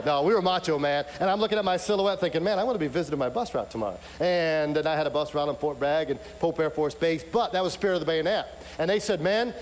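A man preaching a sermon, telling stories animatedly and acting out the voices of the people in them. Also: fairly high pitch. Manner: animated storytelling with acted-out voices and shouts. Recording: echoey hall with faint hum.

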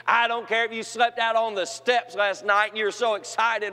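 A man preaching to young people, telling funny stories and swinging from shouted peaks to quiet asides. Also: sits high, normal speed, hardly any pauses. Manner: humorous storytelling with shouted climaxes and quiet asides. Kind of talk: sermon to a youth gathering. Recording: long hall reverb.

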